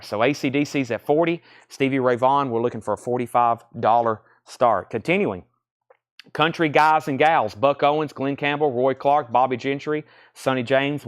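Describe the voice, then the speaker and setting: A man hosting a live-streamed record sale, calling out titles and prices in a brisk, running patter, thinking aloud as he checks each record. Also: mid-range voice.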